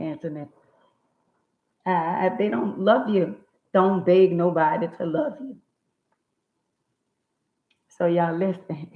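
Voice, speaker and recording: A woman hosting a casual livestream, greeting viewers by name in a chatty, drawn-out way. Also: lowish voice. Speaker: livestream host. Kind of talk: casual live chat. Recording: tinny phone-like sound in an echoey room.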